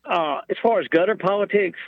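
A man calling a radio show, speaking haltingly with many fillers. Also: high-pitched, muffled recording. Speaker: caller.

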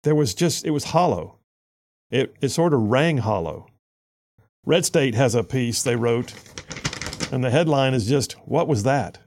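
A male talk radio host with a gravelly voice at a middling pitch. He delivers an opinionated monologue in an animated, sarcastic way, often repeating himself as he builds a point. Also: a little slow, pauses often, slight background noise.

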